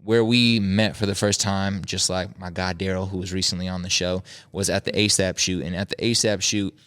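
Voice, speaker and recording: A lower-pitched man hosts a casual podcast conversation, recorded dry and close with no room sound. He tells anecdotes with energy and jumps into high, playful voices when he quotes people. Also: normal speed, clear, resonant tone, no echo. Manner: animated storyteller, acts out quotes in high voices. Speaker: podcast host. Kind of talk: casual interview chat.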